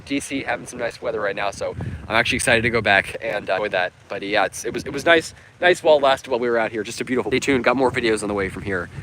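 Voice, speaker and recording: A man's voice: medium pitch, rapid-fire, background noise. A man hosting a casual outdoor livestream, answering viewer comments in an upbeat, chatty way with plenty of fillers. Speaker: livestream host. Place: outdoors on a sunny coast.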